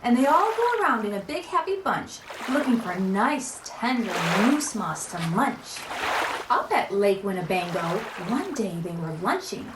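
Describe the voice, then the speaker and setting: A woman reading a rhyming children's book aloud in an animated, sing-song way, as a homeschool mom. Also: on the high side, a little slow, reverberant, heavy background noise. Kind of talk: children's storybook read-aloud.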